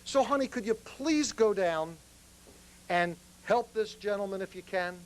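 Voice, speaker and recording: A man doing a gently coaxing wife. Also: high-pitched, animated, unhurried, rough recording. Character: patient wife gently urging her husband.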